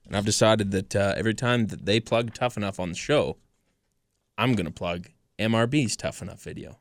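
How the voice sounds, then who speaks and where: A man's voice: on the low side, brisk, gravelly, dry recording, clean studio sound. A man co-hosting a podcast, chatting casually about wrestling and agreeing often with short replies. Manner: agreeable, many short backchannels. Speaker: podcast co-host.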